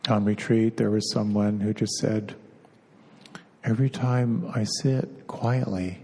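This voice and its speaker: A man giving a dharma talk as a meditation teacher, gentle and unhurried, pausing often and repeating words as he searches for them. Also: on the low side, fairly even intonation, slightly rough. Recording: long hall reverb.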